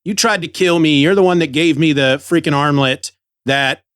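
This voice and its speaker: A man voicing a gruff, blunt barbarian warrior in a casual podcast retelling. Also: a little high, normal speed, fairly bright tone, dry recording, clean studio sound, lightly acted.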